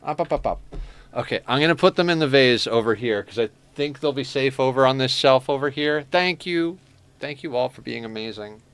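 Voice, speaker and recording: A man's voice: mid-range voice, fairly quick, smooth. A man streaming a game, chatting casually with his viewers in a heartfelt, emotional way. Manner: heartfelt, soft-spoken, emotional.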